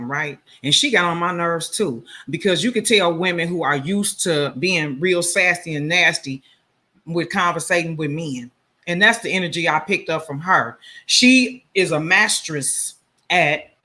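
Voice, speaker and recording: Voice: medium pitch, sharp tone. A channel host delivering a heated, profane livestream rant, scolding and lecturing in a confrontational, repetitive way.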